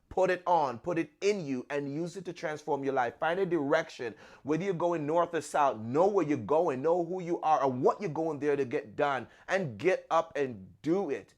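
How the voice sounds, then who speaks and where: A man hosting a podcast, telling a personal story in an earnest, conversational way and often repeating words as he restarts. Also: medium pitch. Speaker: podcast host.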